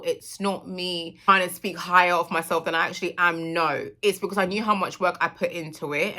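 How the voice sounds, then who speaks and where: A woman's voice: lowish voice, bright, forceful tone. A woman in her thirties, telling a personal story in a candid, emotional monologue for her vlog. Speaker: vlogger.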